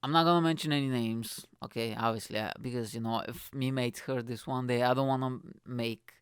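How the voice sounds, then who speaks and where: A young man, a comedian hosting his own podcast, telling a story in a rambling, swearing way and acting out his friends' lines in higher voices. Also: fairly even intonation, brisk, clean tone, no echo, studio quality. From not from the UK, moved there at 21. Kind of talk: casual storytelling monologue.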